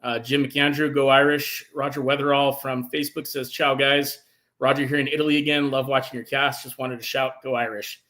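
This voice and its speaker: A man hosting a casual sports talk show, enthusiastic and animated, reading out viewer comments. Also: mid-range voice, a little fast. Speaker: podcast host.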